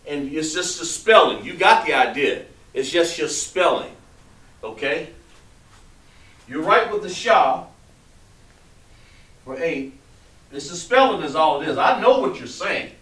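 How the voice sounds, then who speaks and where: Slow, patient male teacher in a roomy space. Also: fairly high pitch, fairly bright tone. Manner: patient, coaxing, trails off while writing. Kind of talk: classroom instruction. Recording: roomy, distant mic with background noise.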